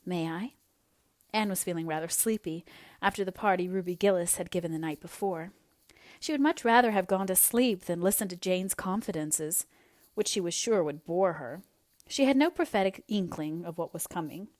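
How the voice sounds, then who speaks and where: A woman narrating an audiobook in a measured, expressive reading voice. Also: lowish voice, no room sound.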